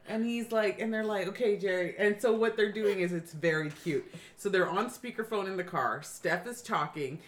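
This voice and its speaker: A woman co-hosting a casual chat, telling a story in an animated, slangy way with frequent laughter. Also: mid-range voice, normal speed, a little hiss or hum.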